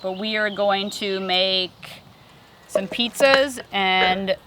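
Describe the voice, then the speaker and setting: A woman's voice: mid-range voice, slow, a bit bright, slight background noise. A woman hosting a family vlog, chatting casually as she cooks treats over a campfire outdoors. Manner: chatty, explains steps while cooking. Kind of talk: casual cooking demonstration.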